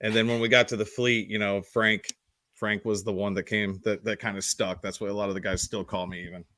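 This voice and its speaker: A man co-hosting a podcast, recounting a memory in halting, self-deprecating casual talk. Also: on the low side, flat delivery, bright, forceful tone, no echo. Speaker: podcast co-host. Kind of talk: casual chat.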